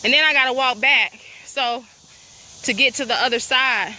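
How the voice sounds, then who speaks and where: At a normal speed and in a high, bright, forceful voice, an indignant woman films a vlog on her phone while walking rural land. She's out of breath and asks her viewers pointed questions; crickets can be heard outside.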